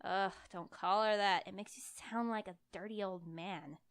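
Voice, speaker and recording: A woman's voice: mid-range voice, steady tone, normal speed, no echo, clean studio sound, lightly acted. A woman voicing a sassy young woman who snaps back, in a storybook reading.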